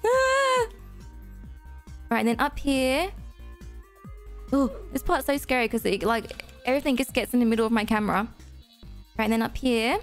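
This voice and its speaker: A young woman giving excitable, self-deprecating gameplay commentary as host of a gaming channel, gasping often. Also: fairly high pitch, a little fast, pauses often, soft background music.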